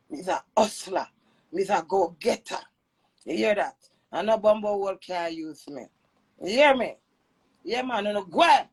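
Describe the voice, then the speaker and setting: A Jamaican woman ranting with loud, brash cursing, swinging between shouting and low mutters. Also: husky, low-quality recording. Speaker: social media personality. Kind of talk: cursing rant.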